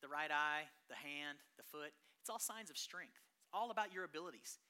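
A pastor preaching a sermon, telling stories in an animated way that swings between hushed and loud. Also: mid-range voice, moderate pace, clean tone.

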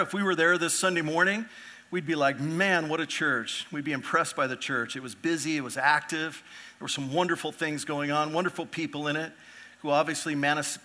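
A middle-aged male pastor preaching a sermon in a bright, forceful, slightly high voice. He speaks earnestly, building in volume when he drives a point home, then dropping back to a quieter, conversational tone. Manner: earnest preaching, swells louder on key points.

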